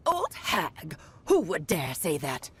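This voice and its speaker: A woman's voice: low-pitched, huge pitch swings, drawn-out words, husky, heavily acted. A woman voicing a grand, playful female mage in a video game, with a theatrical, teasing storyteller's manner.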